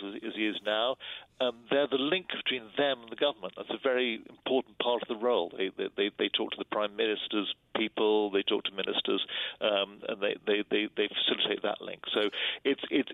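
A man, a journalist guest, answering interview questions in a halting way with many repeated words. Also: mid-range voice, no echo. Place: hotel room. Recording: tinny phone line.

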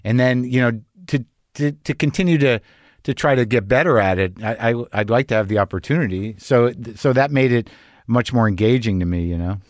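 A man's voice: medium pitch, fairly quick, a little mellow, dry recording, clean studio sound. Loose, profane man talking shop. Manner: loose, profane, self-deprecating. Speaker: podcast host and actor. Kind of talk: casual conversation.

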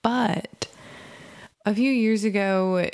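A woman in her thirties hosting a meditation podcast, talking in a gentle, rambling, reflective way, her voice a little scratchy from allergies. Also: medium pitch, steady tone, extremely slow, smooth. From Michigan, USA. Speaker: podcast host. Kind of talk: casual meditation podcast intro.

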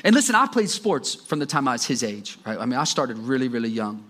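A man's voice: medium pitch, very animated, fairly quick, fairly bright tone. A man in his forties preaching a sermon, telling family stories with self-deprecating humor. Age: 40s. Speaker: pastor.

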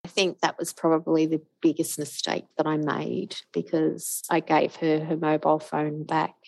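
A middle-aged woman tells her own story as a podcast guest, slipping into the voices of the people she quotes. Her voice sits on the low side and sounds close and dry. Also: darkish tone, dry recording, low-quality recording. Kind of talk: emotional personal storytelling.

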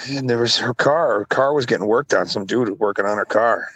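A man's voice: lowish voice, a little fast, a bit bright, slightly rough, dry recording. A middle-aged man co-hosting a podcast, telling stories in a laid-back, wry casual chat. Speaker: podcast co-host.

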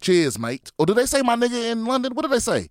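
A man's voice: very high-pitched, lively intonation, racing, dry recording, clean studio sound. A man hosting a comedy podcast, chatting casually and answering listener questions in a blunt, profane way, stumbling over his words and restarting often.

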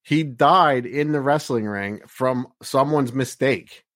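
A man's voice: mid-range voice, slow pace, a bit bright, no echo. A man co-hosting a casual wrestling podcast, talking bluntly with lots of swearing and filler words. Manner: blunt, heavy swearing, frequent "like" and "you know". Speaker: podcast co-host reviewing wrestling.

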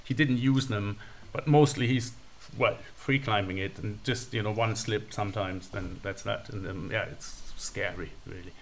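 A man guest in a casual podcast chat, speaking softly with many fillers and trailing off. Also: on the low side, fairly even intonation, normal speed, slight background noise.

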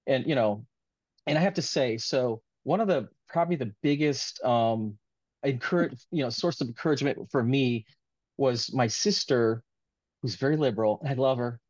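A man's voice: medium pitch, moderate pace, a little mellow, no room sound. Earnest rambling man, dull dry sound. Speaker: author being interviewed. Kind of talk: casual interview talk.

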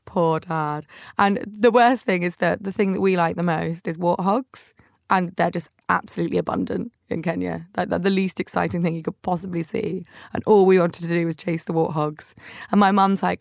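A woman with a low, gravelly voice tells chatty, animated stories as a podcast host. The sound is close and dry. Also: moderate pace, dry recording. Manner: chatty, animated anecdotes with acted-out quotes. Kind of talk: casual storytelling monologue.

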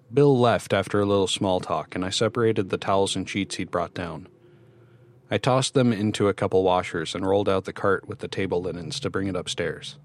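Low-voiced man narrating a story. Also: fairly quick, vocal fry. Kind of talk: scripted narration.

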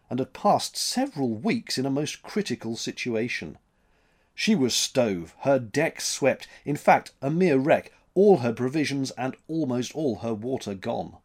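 A man reading a story aloud as narrator, in an expressive, dramatic manner. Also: mid-range voice, unhurried.

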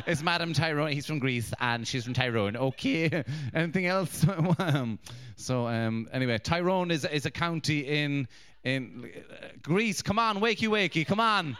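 Comic guy roasting the crowd live, swears a lot, bright sharp voice. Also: on the high side. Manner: crude, swearing, mocking banter with audience. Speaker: stand-up comedian. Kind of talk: live stand-up crowd work.

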